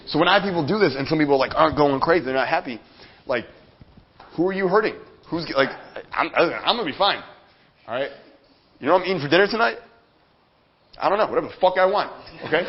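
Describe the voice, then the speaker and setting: Man, motivational seminar speaker, profane, fired up, muffled lo-fi sound. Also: fairly high pitch. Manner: energetic, profane, addresses the room directly. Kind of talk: live motivational seminar talk. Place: conference room with audience. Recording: dull lo-fi sound.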